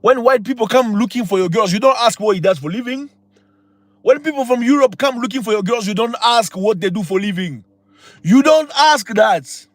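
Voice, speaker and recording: A man's voice: very high voice, animated, normal speed, dry recording. A man hosting a livestream, talking in an impassioned, preachy way with many rhetorical questions. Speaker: channel host. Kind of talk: livestream talk.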